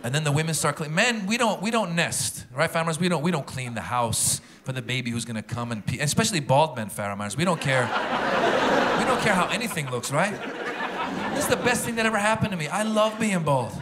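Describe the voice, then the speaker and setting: A man doing a stand-up comedy set, animated and talking straight to the audience in a theater. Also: a little high, brisk. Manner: animated, talks to the crowd. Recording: loud crowd laughter and noise.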